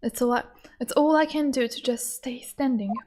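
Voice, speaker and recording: A woman's voice: high-pitched, moderate pace, a little mellow. A woman streamer gushing over a story game, squealing and laughing often as she reacts. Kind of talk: let's-play commentary.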